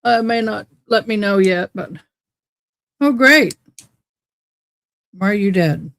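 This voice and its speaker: A woman with a drawl talks to her viewers at an unhurried, easy pace. She rambles in a chatty, folksy way, and her voice sits mid-range, close and dry with no room sound. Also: medium pitch, creaky, fairly bright tone, dry recording. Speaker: livestream host. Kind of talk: casual livestream chat.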